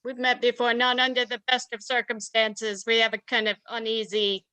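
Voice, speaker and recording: A woman playing a tabletop game, speaking in a hesitant, halting way. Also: fairly high pitch, completely flat delivery, pushed and bright, dry recording. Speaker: player.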